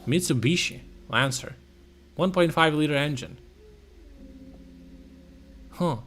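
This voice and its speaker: A streamer browsing car listings thinks aloud in a slangy, profane way, breaking into sudden exclamations. His voice is on the high side, slow and a bit bright, with soft music in the background.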